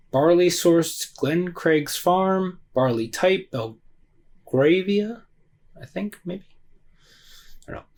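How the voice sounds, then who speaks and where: Rambling, hesitant man reviewing whisky. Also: medium pitch. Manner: rambling, hesitant, self-deprecating. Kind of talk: casual solo review.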